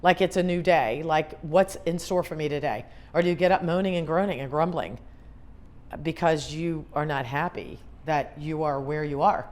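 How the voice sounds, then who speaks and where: A woman's voice: sits low, moderate pace, darkish tone. A middle-aged woman, a grief specialist, giving an earnest motivational talk to an audience, repeating her questions for emphasis.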